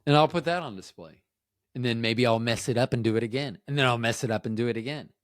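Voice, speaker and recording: A man's voice: mid-range voice, fast talker, no echo, studio quality. A man hosting his own podcast, rambling and joking at his own expense, often losing his thread and starting over. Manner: joking, self-deprecating, trails off and restarts. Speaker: podcast host. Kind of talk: rambling solo podcast chat.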